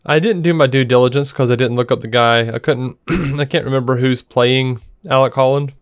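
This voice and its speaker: A man co-hosts a podcast in casual, blunt chat, his voice smooth and clear. He is sarcastic and laughs often. The sound is dry and close. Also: medium pitch, steady tone, fairly quick, no echo. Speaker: podcast co-host.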